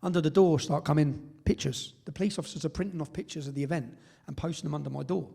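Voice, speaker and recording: An English man speaking to a live audience in a fairly high register, telling his story with force. He presses each point and often checks in with a quick "yeah?" as he goes. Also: steady tone, creaky, dark tone, slightly rough. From England. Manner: emphatic, tags points with "yeah?". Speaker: speaker at a public event.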